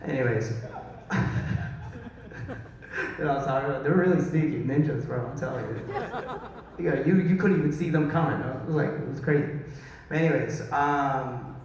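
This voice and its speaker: A man's voice: mid-range voice, darkish tone, muffled recording. 30s guy doing stand-up, jokey stories with asides to the crowd, super echoey big room, mic far away. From Dallas, Texas. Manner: storytelling, self-mocking, quick asides to the crowd. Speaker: stand-up comedian. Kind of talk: stand-up comedy set. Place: large hall, recorded from far off. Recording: very echoey hall, distant mic.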